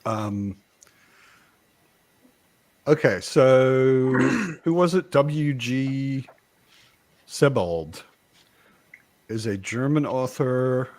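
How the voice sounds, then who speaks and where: A man born in the United States hosting a casual live chat, talking in an animated way with frequent restarts. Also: mid-range voice, very slow, long pauses. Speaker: host.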